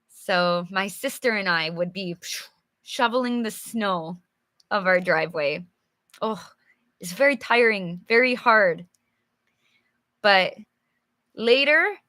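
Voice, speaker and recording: Medium in pitch and sharp in tone, this young woman's voice is captured in a dry, studio-quality recording. She teaches English live, reading a storybook, chatting with viewers and laughing a lot; she's from an English-speaking country.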